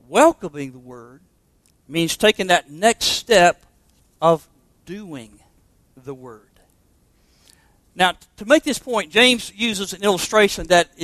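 A pastor preaching a sermon to confirmation students, emphatic and asking rhetorical questions. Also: male voice, high voice, fairly bright tone, no echo.

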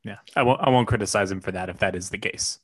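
A man's voice: lowish voice, fast, a bit bright, husky, no room sound. Easygoing man podcast co-host. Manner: easygoing, agreeable, playful teasing. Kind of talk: casual comedic advice chat.

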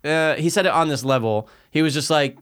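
A man's voice: fairly high pitch, brisk, fairly bright tone. A young man co-hosting a podcast, telling stories in a rambling casual way. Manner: rambling storyteller, many fillers. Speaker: podcast co-host. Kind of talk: casual chat.

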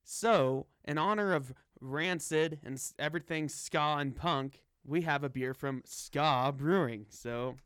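A man's voice: a little high, a little slow, few pauses, fairly bright tone, clear, resonant tone, dry recording, clean studio sound. A young man co-hosting a casual drinking podcast, laughing often and joking loosely. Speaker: podcast co-host.

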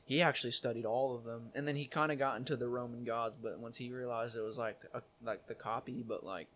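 A young man talks as a guest on a casual podcast. He speaks loosely and in slang, with plenty of rambling. His voice sits at a middle pitch. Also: fairly even intonation, brisk, fairly bright tone. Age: young adult. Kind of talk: casual chat.

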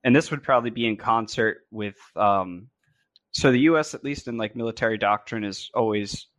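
Low-voiced man explaining calmly. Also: no room sound. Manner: measured, explanatory. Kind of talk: casual chat.

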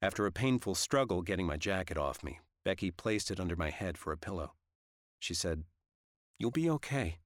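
An audiobook narrator with a deep voice tells a story in the first person. He reads a little fast, and the recording is dry with clean studio sound.

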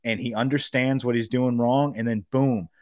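A man co-hosting a sports podcast in casual, animated chat, swearing freely and rambling with fillers. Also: mid-range voice, normal speed, dry recording, clean studio sound. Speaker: podcast co-host.

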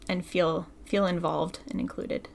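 A woman's voice: on the low side, little pitch movement, a little slow, creaky, a little hiss or hum. A woman in a casual literary discussion who builds her point carefully in long sentences.

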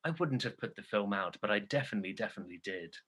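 A man's voice: lowish voice, expressive, very fast, a bit bright. A man voicing a pompous, self-important film director who rambles in a self-satisfied way.

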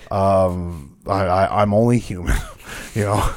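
Brief: young male podcast host, loose and profane, drifting quieter at times. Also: deep voice, slow. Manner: profane, laughing, trailing off quietly. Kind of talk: casual chat.

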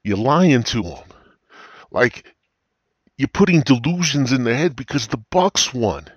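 A man's voice: medium pitch, sing-song, a little slow, slightly rough, no room sound, highs cut off. A man hosting a comedy podcast, rambling through profane, crude stories into a cheap gaming headset. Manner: profane, meandering, crude storytelling. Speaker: podcast host.

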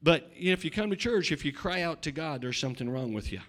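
Man, high voice, middle-aged, pastor, sermon, shouts then hushes, repeats words. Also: expressive, quick pace. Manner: swings between loud shouting and quiet asides.

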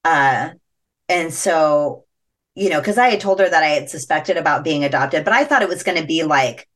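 A woman telling a personal story as a podcast guest, animated and chatty, laughing often and using many fillers. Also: sits low, normal speed. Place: podcast interview.

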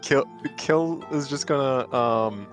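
A man playing a tabletop game, playful and halting. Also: medium pitch, over music. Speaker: player. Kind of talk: casual tabletop game chat.

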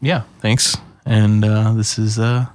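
A man co-hosting a podcast in casual chat, cracking dry, deadpan jokes. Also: fairly low pitch, takes it slowly, no echo. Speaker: podcast co-host.

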